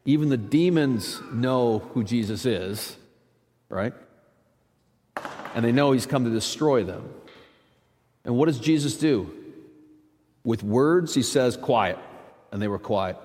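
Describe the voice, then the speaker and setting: A man's voice: mid-range voice, expressive, a little slow, long pauses, darkish tone, long reverb tail. A man preaching a sermon as pastor, in a conversational, emphatic way with frequent asides. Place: church.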